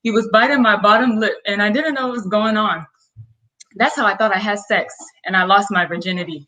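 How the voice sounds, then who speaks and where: A woman's voice: medium pitch, brisk, sharp tone, poor audio. A woman guest telling a candid personal story in a talk, hesitating with many fillers.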